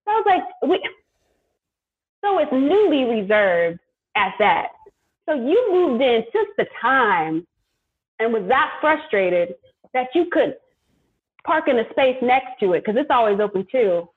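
Woman, emphatic storyteller, colloquial, husky voice, tinny phone sound. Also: fairly high pitch, very animated, a little slow, pauses often. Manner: emphatic, vents with colloquial asides and quoted exchanges. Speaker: podcast guest. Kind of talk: animated storytelling in casual chat.

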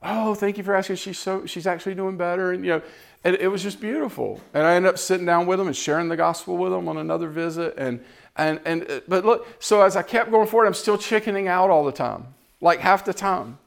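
A man's voice: sits high, fairly quick, gravelly. A man preaching in a casual storytelling way, acting out the lines of the people in his story. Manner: animated, acts out quoted exchanges. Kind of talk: storytelling sermon.

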